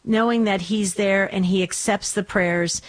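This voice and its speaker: A woman's voice: medium pitch, fairly even intonation. Encouraging woman radio host. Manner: warm, encouraging, unhurried. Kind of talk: call-in radio show hosting.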